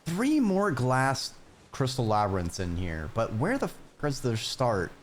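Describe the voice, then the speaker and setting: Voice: medium pitch, big pitch swings, measured pace, slight background noise. A streamer rambling and joking to themselves during live gameplay commentary. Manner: rambling, joking self-talk.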